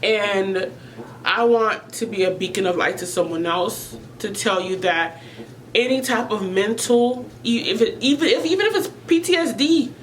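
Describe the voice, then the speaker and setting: A woman's voice: mid-range voice, normal speed, a little hiss or hum, rough recording. A woman vlogger talking earnestly and emotionally to her viewers about mental health, often repeating herself as she searches for words.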